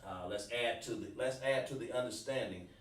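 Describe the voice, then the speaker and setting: A man's voice: mid-range voice, fairly quick, reverberant, distant mic, a little hiss or hum. A man teaching a Hebrew class online, casual and repetitive, calling students by name. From South Carolina, USA. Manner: informal, repeats words, talks to students by name.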